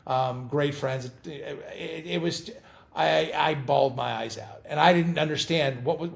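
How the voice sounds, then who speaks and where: Middle-aged male guest, raspy edge, animated anecdotes, restarts and repeats. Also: fairly high pitch, measured pace. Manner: animated storyteller, laughs and repeats words. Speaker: guest actor. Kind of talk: casual interview chat.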